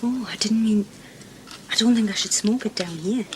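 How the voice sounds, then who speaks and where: A woman's voice: medium pitch, normal speed, background noise, lightly acted. An actress playing a wary woman fending off a pushy man in a 1970s television drama, prim and defensive.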